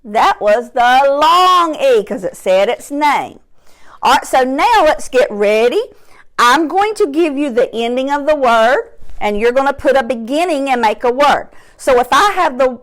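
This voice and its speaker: A woman teaching a phonics lesson to young children, stretching out sounds and words slowly and clearly while seated at her desk. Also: on the high side, animated. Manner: slow, drawn-out sounds, emphatic. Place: classroom or home desk, seated in chair.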